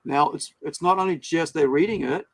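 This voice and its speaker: A man hosting a casual livestream chat over a video call, telling stories in an animated way. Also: fairly high pitch, normal speed, very noisy. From New Zealand. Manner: animated storyteller, acts out quoted people. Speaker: host.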